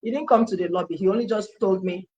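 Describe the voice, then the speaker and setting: A Nigerian woman telling her life story as an interview guest, an animated storyteller who acts out quoted dialogue and slips into Pidgin. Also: mid-range voice, fast, lo-fi sound. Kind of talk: personal testimony in an interview.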